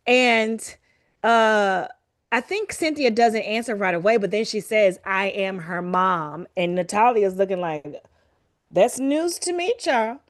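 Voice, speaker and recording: A woman's voice: medium pitch, unhurried, no echo, clean studio sound. A woman co-hosting a podcast, recapping a story in casual chat and acting out the lines she quotes. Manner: animated, acts out quoted lines. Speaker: podcast co-host.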